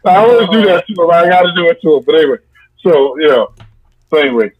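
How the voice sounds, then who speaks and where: On a dull, lo-fi recording, a musician guest chats casually in a fast, lively, somewhat high voice with a breathy edge. He rambles playfully and likes throwing out joking nicknames.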